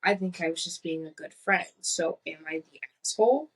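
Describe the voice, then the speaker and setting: A woman's voice: fairly low pitch, fairly quick, fairly bright tone. A woman co-hosting a podcast in casual chat, reading posts aloud and reacting bluntly with incredulous, profane remarks. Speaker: podcast co-host.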